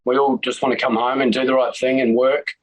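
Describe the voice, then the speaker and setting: A man talks quickly and in a friendly way in a casual chat. He is heard over a video call, at a middle pitch. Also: little pitch movement, poor audio. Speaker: interviewee.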